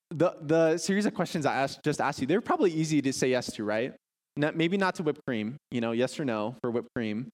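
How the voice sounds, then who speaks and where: Man in church pulpit, lively preacher who banters with the room. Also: on the high side. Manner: lively, audience-engaging, playful questions. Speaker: pastor. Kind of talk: sermon. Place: church sanctuary.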